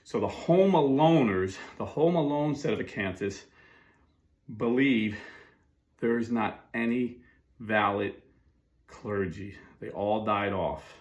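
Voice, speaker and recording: Low-voiced, chatty middle-aged man. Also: slow, darkish tone. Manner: chatty, with fillers and frequent asides. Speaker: Catholic commentator. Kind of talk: casual monologue.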